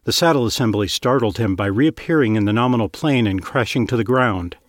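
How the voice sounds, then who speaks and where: A man with a mid-range voice reads scripted fiction narration briskly, keeping a steady, even storytelling manner. He is close to the mic in a dry recording.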